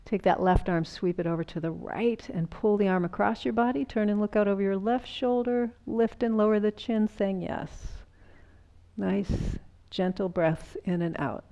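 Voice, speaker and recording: Mellow-voiced woman leading chair yoga, calm and explaining, kinda muffled lo-fi sound. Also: mid-range voice, normal speed. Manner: calm, explanatory, gently encouraging. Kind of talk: guided exercise class.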